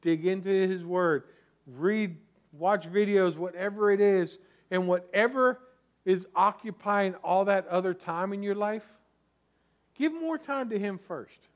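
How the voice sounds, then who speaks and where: A man's voice: high-pitched, a little slow, muffled recording. A man preaching a sermon as pastor, conversational, with restarts and asides to the congregation.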